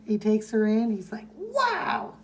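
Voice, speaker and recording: Mellow-voiced woman recapping comics. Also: medium pitch, unhurried, a little hiss or hum. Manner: reads comic dialogue aloud in playful voices. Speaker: podcast co-host. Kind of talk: casual chat recapping a comic.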